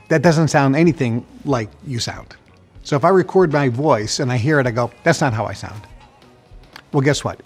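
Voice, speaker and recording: Animated man giving a motivational talk. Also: on the high side. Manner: animated storyteller, acts out his old stutter. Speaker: motivational speaker.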